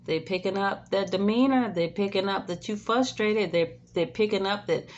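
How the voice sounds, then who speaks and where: A woman caregiver giving casual advice, chatty, tagging her sentences with "right?" and "okay?", sometimes dropping to a soothing hush. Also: medium pitch, moderate pace, few pauses, muffled recording, a little hiss or hum. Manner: soothing, drops to a hush when modeling calm words. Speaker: in-home caregiver. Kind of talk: casual advice talk to camera.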